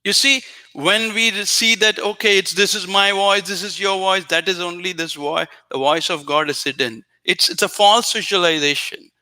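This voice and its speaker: A man hosting a spiritual show, giving an earnest, repetitive teaching talk addressed straight to a viewer, now and then softly chanting phrases. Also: high voice, steady tone, moderate pace, few pauses.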